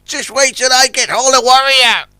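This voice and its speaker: A man's voice: extremely high pitch, normal speed, bright, forceful tone, clear, resonant tone, dry recording, clean studio sound, voice pushed up, exaggerated voice. A man voicing a small, grumpy male dredger who speaks up with warnings and complaints. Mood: indignant. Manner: warning, indignant.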